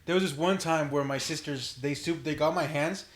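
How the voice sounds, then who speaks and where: A young man telling animated, laughing stories as a podcast guest. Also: fairly high pitch, moderate pace. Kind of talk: casual podcast chat. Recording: echoey room.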